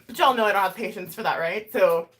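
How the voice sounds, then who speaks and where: A woman chatting casually and rambling through a makeup tutorial, with lots of fillers and asides. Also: fast talker. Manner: animated, swings in pitch and loudness. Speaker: YouTuber doing a makeup tutorial. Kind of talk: casual chat while doing makeup, talking to live chat.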